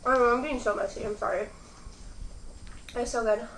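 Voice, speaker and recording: A woman's voice: fairly high pitch, steady tone, a little fast, a bit bright, echoey room, slight background noise, low-quality recording. A young woman hosting a mukbang at home, chatting casually and rambling between bites. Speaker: mukbang host. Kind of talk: casual chat while eating.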